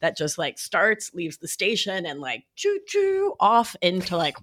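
Animated, playful woman chatting. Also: normal speed. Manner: animated, playful, full of fillers, sudden high sing-song voices. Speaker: podcast guest, nurse practitioner. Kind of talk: casual podcast chat.

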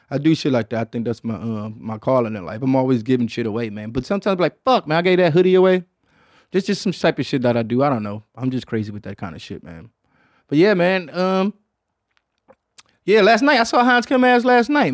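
A man's voice: medium pitch, lively intonation, brisk, no room sound, clean studio sound. A man from Detroit hosting a podcast in casual chat, rambling and slangy and swearing often, with "man" at the end of many lines. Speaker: podcast host.

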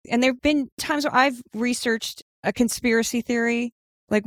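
A woman's voice: mid-range voice, dry recording. Chatty woman guest, dry close sound. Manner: animated, casual with frequent "like". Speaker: guest, media newsletter writer. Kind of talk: interview answers.

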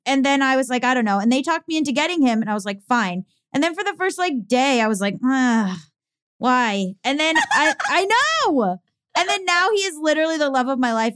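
A woman's voice: high voice, clean tone. A young woman co-hosting a podcast, talking in a casual, chatty and self-mocking way, full of fillers. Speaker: podcast co-host. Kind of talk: casual chat.

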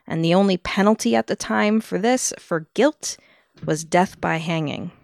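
A woman's voice: lowish voice, moderate pace, vocal fry, no room sound, studio quality. A woman co-hosting a podcast, telling a true-crime history in a casual way and laughing often between the facts. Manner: laughs often while narrating. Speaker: podcast co-host telling the story.

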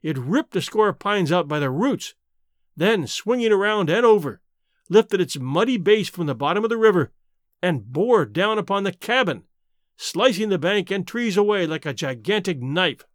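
A man reading an adventure story aloud as narrator, with an expressive, dramatic delivery on a close mic. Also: sits high, moderate pace, no room sound. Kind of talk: scripted audiobook narration.

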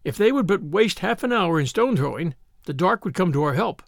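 Gravelly, animated male narrator. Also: high voice, no room sound, studio quality. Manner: measured storytelling. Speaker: audiobook narrator. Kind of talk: scripted narration.

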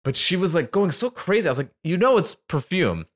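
Here the same kind of comic tale unfolds at a brisk clip: a very animated man hosting a relaxed chat, cursing freely and mimicking his friends in high-pitched voices.

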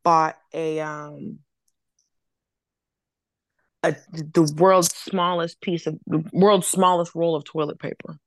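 A woman comedian telling stories on a podcast, lively and blunt, acting out other people's voices and swearing freely. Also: sits low, slow pace, pauses often, no echo. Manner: animated storyteller, acts out quoted voices, swears freely. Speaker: comedian guest. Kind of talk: casual podcast storytelling.

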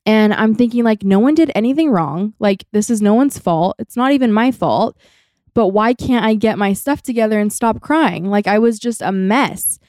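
This podcast co-host is a young woman chatting casually through a personal story and saying "like" constantly. She has a mid-range, darkish voice with lively intonation and a normal pace, captured cleanly in a studio with no room sound.

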